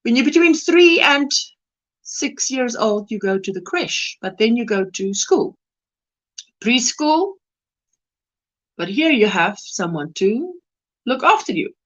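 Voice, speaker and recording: A South African woman hosts a casual crochet livestream, her fairly high voice rising and falling in lively swings. She chats along easily, reading out viewers' comments and greeting each person by name. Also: slow, long pauses, muffled recording. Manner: chatty, reads viewer comments aloud and greets them warmly by name.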